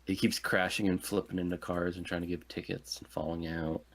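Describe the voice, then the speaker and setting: Deep-voiced man recapping a bad movie. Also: little pitch movement. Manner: sardonic, recaps the plot in quick fragments. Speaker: podcast co-host. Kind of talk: casual movie review chat.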